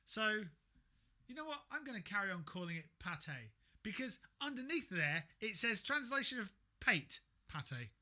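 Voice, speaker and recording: A man streams a game and muses out loud, sarcastic and quick to swear as he talks to himself. His voice sits high and bright, with a sharp edge, and his pitch jumps around a lot. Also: very animated. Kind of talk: casual gaming livestream chat.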